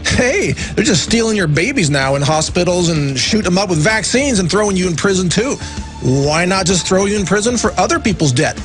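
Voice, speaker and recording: Man, talk radio co-host, sarcastic, animated, slightly high voice. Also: a little fast, faint music behind. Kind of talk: talk radio news commentary.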